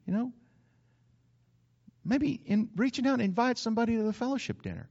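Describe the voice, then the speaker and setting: A man's voice: high voice, huge pitch swings, fairly quick, long pauses, a little mellow, lo-fi sound. A man preaching a sermon, folksy and conversational, slipping into acted asides. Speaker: pastor.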